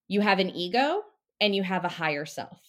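Animated woman coaching on a podcast. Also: lowish voice, moderate pace. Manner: animated, casual, mildly profane. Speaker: mindset coach guest. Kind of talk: casual podcast interview.

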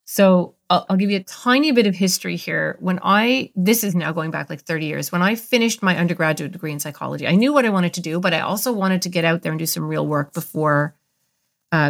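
A woman's voice: fairly low pitch, gravelly. A woman in her fifties, a guest expert on a podcast, telling a story from her career in an earnest, heartfelt way. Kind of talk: interview storytelling.

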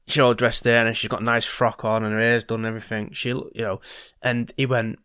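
A man's voice: mid-range voice, flat delivery, brisk, hardly any pauses, a bit bright, smooth, dry recording, studio quality. A man hosting a podcast, telling a story in a rambling, hesitant way with lots of ums and restarts, now and then swearing. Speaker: podcast host. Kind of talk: casual storytelling chat.

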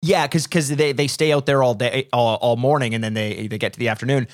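A man's voice: medium pitch, fairly even intonation, fairly quick. A man co-hosting a casual podcast, teasing the others and offering thoughtful asides. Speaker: podcast co-host.

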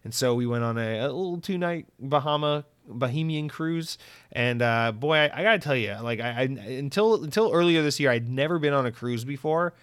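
A man hosting a podcast, talking in a loose, rambling and profane way, with animated swings in his delivery. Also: mid-range voice, normal speed, smooth, no room sound. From Central Florida. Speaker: podcast host. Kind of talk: casual chat.

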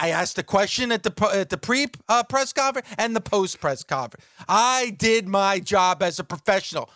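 A man's voice: sits high, bright, forceful tone, dry recording, studio quality. A man co-hosting a talk radio show, defensive and insistent, repeating his points in heated banter.

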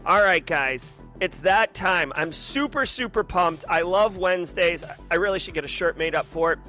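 A man hosting a live show, talking with high energy and rapidly shouting out viewers. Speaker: livestream host. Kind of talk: hyped-up live show chat. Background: hip hop music.

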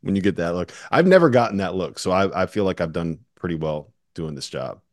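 A man hosting a podcast, asking long, relaxed questions in a conversational way. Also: low voice, a little fast, no room sound, clean studio sound. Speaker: podcast host.

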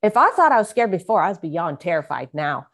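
Speaking briskly with big pitch swings, this woman has a voice on the low side and a fairly bright tone. She's a guest author from San Francisco, USA, alternating between reading her memoir and talking about it with earnest, vivid emotional emphasis.

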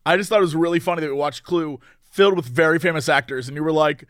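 A man co-hosting a casual podcast chat, excitable and rambling, laughing often. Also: a little high, quick pace, dry recording, clean studio sound. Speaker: podcast co-host.

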